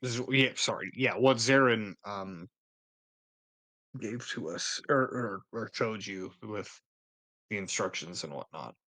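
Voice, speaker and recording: A man's voice: fairly low pitch, slow, sharp tone, dry recording. Hesitant young man playing a tabletop game. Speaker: player. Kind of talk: casual tabletop play.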